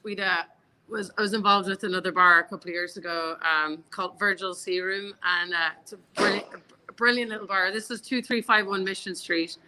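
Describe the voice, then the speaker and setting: A woman in her thirties with an Irish accent chats as a guest, spinning stories and restarting her sentences. Her voice is bright and clear, at a middling pitch. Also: fairly even intonation, fairly quick, slight background noise, poor audio. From Ireland. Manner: chatty storyteller, many restarts. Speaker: bar co-owner, guest. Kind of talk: casual interview chat.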